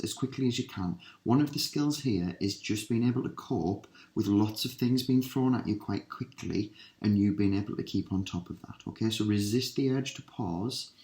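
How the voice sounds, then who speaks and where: Guy teacher doing slow vocab drills, lowish voice, kinda roomy echo. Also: a little mellow. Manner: slow, clearly spaced word drills with patient instructions. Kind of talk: recorded listening lesson.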